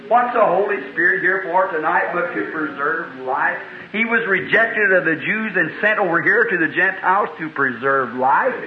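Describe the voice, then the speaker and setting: A man preaching a revival sermon, telling the story in a fervent, folksy way that rises into cries. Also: high voice. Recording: tinny, echoey 1950s tape recording.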